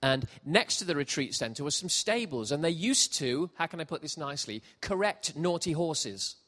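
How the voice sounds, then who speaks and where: A middle-aged man preaching a sermon, jokey and animated, shifting from quiet asides to loud shouts. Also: a little high, normal speed. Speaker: pastor. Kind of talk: sermon with comic storytelling. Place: church hall with congregation.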